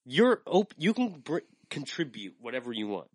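A man's voice: medium pitch, big pitch swings, moderate pace, husky, dry recording. A young adult man hosting a podcast, chatting in an earnest, rambling way full of likes. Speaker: podcast host. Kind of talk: casual chat.

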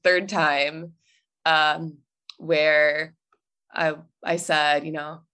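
A young woman, a podcast guest, telling a personal story in a chatty way, full of likes and ums and quick laughs. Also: low voice, flat delivery, pushed and bright, smooth. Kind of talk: casual storytelling.

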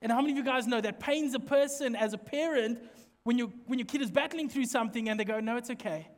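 A middle-aged man, preaching a lively sermon in a church and joking with the congregation. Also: extremely high pitch, quick pace. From South Africa. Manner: lively, joking, with lots of direct questions to the congregation. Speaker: pastor. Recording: echoey church hall reverb.

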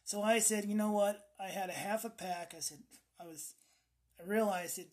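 A woman with a raspy voice chatting casually, telling a rambling, profanity-laced story about quitting smoking and acting out what she said back then. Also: lowish voice, moderate pace. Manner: profane, rambling storyteller acting out her own past outbursts. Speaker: ex-smoker sharing her story. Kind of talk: casual chat.

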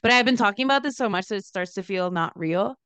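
A young woman co-hosting a podcast, telling a story in a chatty, animated way with lots of fillers. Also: fast talker, clear, resonant tone, dry recording. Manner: animated storyteller, lots of "like", laughs into high pitch. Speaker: podcast co-host, dancer. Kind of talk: casual chat, storytelling.

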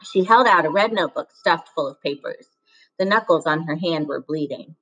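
A woman with a fairly low voice reading a children's novel aloud. Her audiobook narration is measured and steady. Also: breathy edge, low-quality recording. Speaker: reader.

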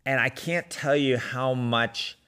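A man's voice: mid-range voice, steady tone, slow pace, sharp tone, clear, resonant tone. A middle-aged man casually telling a personal running story, talking with many fillers and restarts. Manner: conversational with frequent fillers and restarts.

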